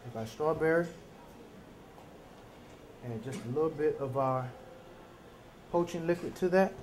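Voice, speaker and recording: Man, slightly higher voice, folksy cooking teacher; roomy echo with faint ambience behind. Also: measured pace, a little mellow, a little hiss or hum. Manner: chatty, folksy, checks in with "okay?". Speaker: culinary teacher. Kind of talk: live cooking demonstration.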